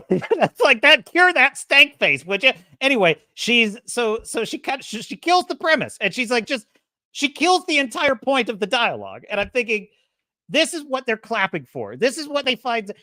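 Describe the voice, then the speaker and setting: A woman's voice: on the high side, moderate pace, no room sound, clean studio sound. A woman hosting a podcast, ranting in a sarcastic, casual way, laughing often and mimicking characters. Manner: animated, swings loud and soft. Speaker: podcast host. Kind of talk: casual opinionated rant.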